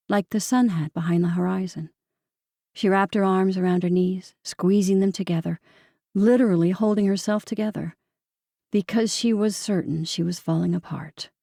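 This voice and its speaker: A woman narrating a romance audiobook in a measured, even storytelling manner. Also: mid-range voice, vocal fry, no echo, studio quality. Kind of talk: scripted narration.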